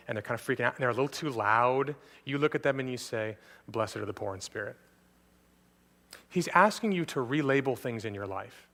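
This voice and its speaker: A man's voice: medium pitch, pushed and bright. A man preaching a sermon as pastor, speaking earnestly and addressing listeners directly again and again. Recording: long hall reverb from a church.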